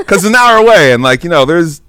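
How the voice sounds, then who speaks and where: A man's voice: fairly high pitch, sing-song, brisk, bright, forceful tone, smooth, no echo, clean studio sound. A man, a podcast co-host who chats in a laid-back way and chimes in with short asides. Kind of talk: casual chat.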